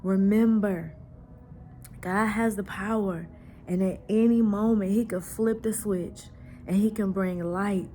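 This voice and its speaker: A woman's voice: mid-range voice, a little slow, a little hiss or hum. Heartfelt woman vlogger sharing her faith. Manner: animated storyteller, prayerful and heartfelt. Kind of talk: casual devotional chat.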